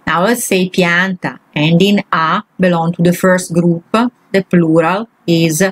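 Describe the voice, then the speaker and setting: A woman's voice: on the low side, fairly even intonation, measured pace, low-quality recording. Woman teaching grammar. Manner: patient, walks through each example step by step. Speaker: Italian language teacher. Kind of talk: explaining grammar exercises.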